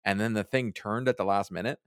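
A man's voice: on the low side, fast, clear, resonant tone, no echo, studio quality. A man in his thirties, a guest on a podcast, chatting casually and acting out the voices of people in his stories. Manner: animated storyteller, acts out quoted voices. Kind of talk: casual chat.

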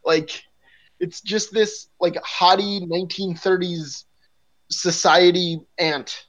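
A man's voice: high-pitched, steady tone, slow, a bit bright. A man co-hosting a podcast in casual chat, musing aloud with hesitant restarts. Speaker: podcast co-host. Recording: dull lo-fi sound.

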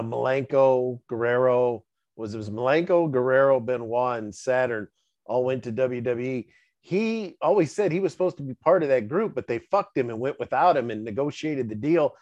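A male host talks casually and asks his guest pointed questions, laughing along. The sound is dull and lo-fi with no room echo. His voice sits at an average pitch. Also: moderate pace, darkish tone. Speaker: podcast host, wrestling fan. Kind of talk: casual podcast chat.

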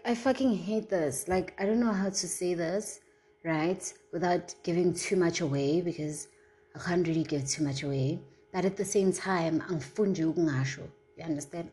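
A young woman with a South African accent rants on her vlog, fired up and swearing freely as she flips between English and isiZulu. Her voice sits low and has a husky grain to it. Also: moderate pace, darkish tone, poor audio. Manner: heated, profane, mixes English and isiZulu. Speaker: vlogger. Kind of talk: casual vlog rant.

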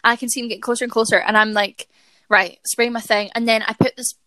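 Chatty young woman, higher voice. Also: fairly even intonation, racing, sharp tone, no room sound. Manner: chatty and self-deprecating, many "like"s and restarts. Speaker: podcast co-host. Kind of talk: casual storytelling chat.

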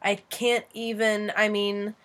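Young female podcast co-host, giggly and excitable, casual chat. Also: medium pitch, slow. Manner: giggly, excitable, drawls filler words.

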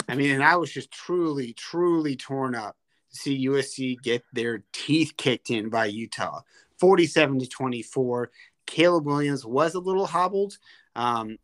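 A man's voice: medium pitch, a bit bright. Profane, heated man ranting casually. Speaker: podcast co-host. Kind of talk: casual sports podcast rant.

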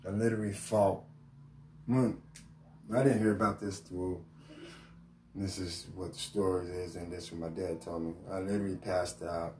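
Low-voiced man telling a halting story. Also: fairly even intonation, darkish tone, slight background noise. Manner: halting, emotional, repeats "literally" and restarts. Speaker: podcast host. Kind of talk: personal storytelling podcast. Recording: roomy echo, mic at a distance, faint ambience.

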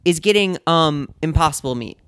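Smooth-voiced co-host chatting casually. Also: medium pitch, animated, moderate pace, a bit bright. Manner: chatty, trails off mid-sentence. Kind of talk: casual chat.

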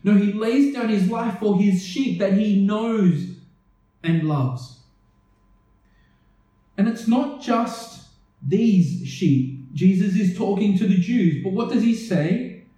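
A pastor with a high, warm voice preaches slowly and earnestly, putting one question after another to his listeners. He sounds distant in an echoey room.

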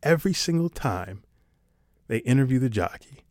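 A man's voice: medium pitch, lively intonation, normal speed, darkish tone, dry recording, studio quality. A man talking to camera in a casual comedic monologue, sarcastic and rambling, swearing casually. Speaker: vlogger.

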